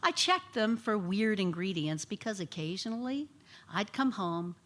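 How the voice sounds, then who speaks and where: A woman's voice: mid-range voice, normal speed. A woman in her sixties reading her personal story aloud on stage, acting out the quoted voices. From United States. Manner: expressive, acts out quoted voices. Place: live venue on stage.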